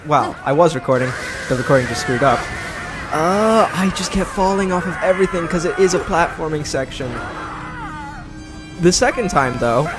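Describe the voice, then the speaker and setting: A man from Britain giving chatty, sarcastic let's play commentary while he plays. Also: on the high side. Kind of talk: gameplay commentary. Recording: commentary over game music.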